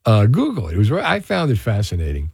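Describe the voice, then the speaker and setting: A male radio host with a low, mellow voice, recorded close and dry in a studio. He talks casually and reflectively, musing between callers. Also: huge pitch swings, fairly quick, gravelly, husky, no room sound. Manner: chatty and reflective, drifting into musings. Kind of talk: casual call-in radio talk. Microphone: studio microphone.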